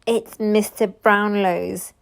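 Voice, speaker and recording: A woman's voice: sits high, animated, measured pace, fairly bright tone, voice pushed up. A woman voicing a frightened, eager young orphan boy in a storybook read-aloud, pleading and crying out. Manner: pleading, cries out in alarm.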